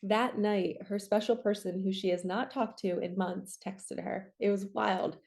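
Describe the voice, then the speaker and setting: Mellow-voiced woman doing a chatty tarot reading. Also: medium pitch, fairly even intonation, creaky. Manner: upbeat, encouraging, chatty with quick asides. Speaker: tarot reader and spiritual coach. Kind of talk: casual tarot reading monologue.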